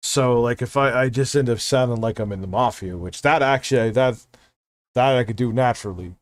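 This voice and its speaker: A man's voice: medium pitch, fairly quick, no room sound. A man with a New York accent hosting a live stream, giving blunt, joking, profane commentary on videos. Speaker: streamer host reacting to videos.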